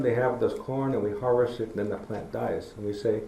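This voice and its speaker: Gravelly-voiced man lecturing in an echoey hall. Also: medium pitch, fairly even intonation, moderate pace, hardly any pauses, heavy background noise. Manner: storytelling, folksy, acts out talking to kids. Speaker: public lecturer. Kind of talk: public talk.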